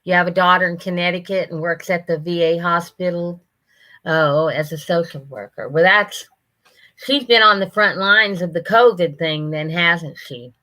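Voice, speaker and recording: Folksy 60s lady w/ twang, bright voice, chatting w/ her viewers on a livestream. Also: lowish voice, poor audio. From Ohio, USA. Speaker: livestream host. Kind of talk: casual chat reading viewer comments.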